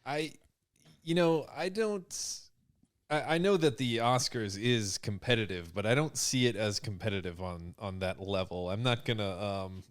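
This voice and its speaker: A man co-hosting a casual movie podcast, joking and talking in a hesitant, halting way. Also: lowish voice. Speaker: podcast co-host.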